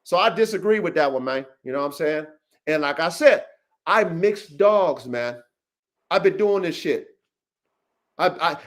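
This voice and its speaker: A man hosting a livestream podcast, talking in a profane, boastful, emphatic way and calling out listeners by name. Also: high-pitched. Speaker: podcast host and dog breeder. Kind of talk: casual livestream podcast rant.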